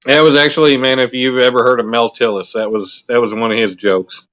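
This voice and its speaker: A man's voice: mid-range voice, steady tone, a little fast, fairly bright tone. A man, chatting casually on a livestream and telling jokes with put-on voices.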